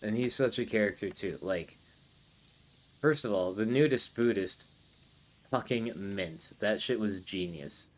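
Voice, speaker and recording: A man's voice: fairly low pitch, a little slow. A man hosting a podcast in casual chat, rambling and swearing with many fillers. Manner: rambling, profane, full of fillers. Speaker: podcast host.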